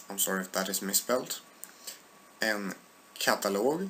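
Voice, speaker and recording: A man teaching an online language lesson, reading word lists aloud and speaking in a deliberate, hesitant way with many filler sounds. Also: on the low side, lively intonation, sharp tone, a little hiss or hum. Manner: deliberate, hesitant with frequent filler sounds, repeats words for learners.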